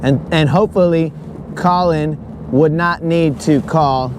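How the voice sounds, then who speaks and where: A man's voice: on the high side, unhurried, noisy background. A man hosting a fishing livestream from a boat, joking around in a rambling, goofy way and calling everyone bro. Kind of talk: casual joking chat. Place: on a boat on a lake, outdoors.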